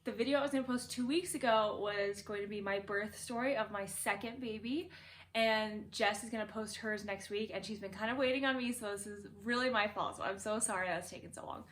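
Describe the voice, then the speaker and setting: A woman's voice: medium pitch, steady tone, a little fast, a little hiss or hum. A young woman casually telling a birth story from her bedroom, chatty and laughing, full of "like".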